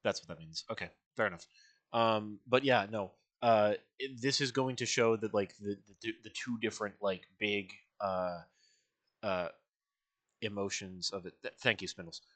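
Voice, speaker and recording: A man streaming a reaction, rambling and excitable, full of fillers and restarts. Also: lowish voice, normal speed. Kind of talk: casual reaction commentary.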